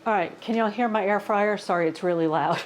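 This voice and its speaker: A woman's voice: medium pitch, brisk, slight background noise. Rambling woman chatting in her kitchen. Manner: rambling, self-deprecating, says "y'all" a lot. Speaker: fitness and cooking vlogger. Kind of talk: casual chatty cooking vlog. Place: home kitchen.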